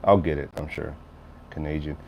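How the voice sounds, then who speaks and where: A man's voice: very deep voice, fairly even intonation, normal speed, gravelly, darkish tone, slightly rough. A middle-aged man rambling casually on a livestream, reading chat messages aloud and answering viewers. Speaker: livestream host.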